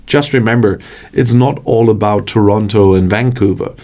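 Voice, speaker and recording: A man's voice: on the low side, normal speed, dark tone. A man hosting his channel, reading a scripted narration with a wry, joking delivery. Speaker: channel host.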